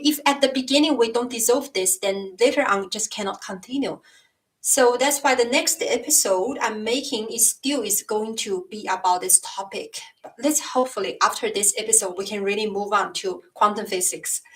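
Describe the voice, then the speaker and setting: A woman from China, a Mandarin native speaker with a Chinese accent, hosting a casual livestream chat and often pausing to search for words with many fillers. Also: mid-range voice. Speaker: livestream host. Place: home, in Scotland.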